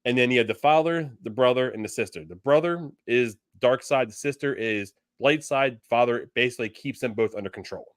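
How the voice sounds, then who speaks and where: A man's voice: mid-range voice, fairly quick, hardly any pauses, no echo. Rambling man, dry close sound. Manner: rambling, many restarts and fillers. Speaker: podcast co-host. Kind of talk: casual fan discussion.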